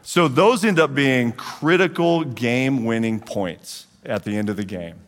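A man in his forties, a guest speaker at a church men's group, gives a storytelling testimony and acts out the dialogue with lively energy. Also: mid-range voice, a little slow. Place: church hall. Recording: long reverb of a large hall.

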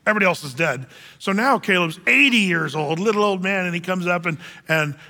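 A man preaching to a room of men, animated and acting out the voices of the people he quotes. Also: high voice, a little fast. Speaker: men's group speaker. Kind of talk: sermon. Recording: reverberant hall.

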